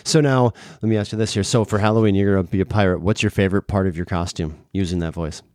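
A man's voice: low-pitched, steady tone, fast talker, a little mellow, no echo, studio quality. A middle-aged man and father hosting a podcast, chatting casually in a playful, teasing way. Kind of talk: casual family chat.

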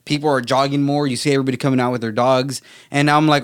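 A man's voice: medium pitch, flat delivery, fast talker, clear, resonant tone. A man from Texas co-hosting a casual talk show, rambling and emphatic, with plenty of swearing. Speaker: co-host. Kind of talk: casual podcast chat.

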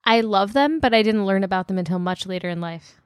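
Female podcast co-host, blunt and dry-witted, mid-pitched, close dry sound. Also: animated, brisk, clear, resonant tone, no room sound. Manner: blunt, dry, swears casually. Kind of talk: casual chat.

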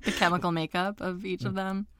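A woman co-hosting a casual podcast, reacting with quick remarks and laughs. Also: lowish voice, level tone, a bit bright, clear, resonant tone, dry recording. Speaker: co-host.

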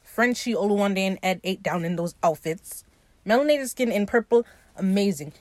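Excited woman gushing over a show. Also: medium pitch, moderate pace, no echo. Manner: animated, gushing and swearing, acts out the characters' lines. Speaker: podcast host recapping a TV episode. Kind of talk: casual solo commentary.

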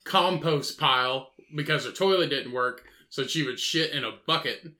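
A man co-hosting a casual podcast, telling crude, animated stories. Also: mid-range voice, moderate pace. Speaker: podcast co-host.

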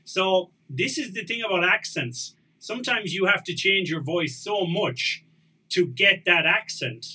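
An Irish man in his forties hosts a laid-back conversation, sharing anecdotes with a light, joking touch. His voice is strikingly bright and sharp, pitched a little high for a man, and always easygoing. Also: animated, unhurried, husky, low-quality recording. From Ireland. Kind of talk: casual conversation.

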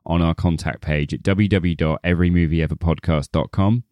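A man's voice: sits low, steady tone, a little fast, darkish tone, no room sound. Laid-back male podcast co-host, dry sound. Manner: laid-back, swears casually, reads listener emails aloud. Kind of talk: casual podcast chat.

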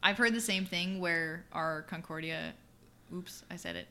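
Bright-voiced young woman chatting. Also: lowish voice, a little slow. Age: 20s. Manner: chatty, laughs often, trails off and restarts. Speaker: podcast co-host. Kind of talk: casual chat.

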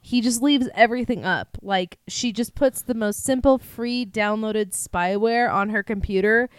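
A woman's voice: fairly high pitch, measured pace, clean tone, no echo, clean studio sound. A woman co-hosting a casual true-crime chat, telling the story in a profane, laughing way. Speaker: podcast co-host.

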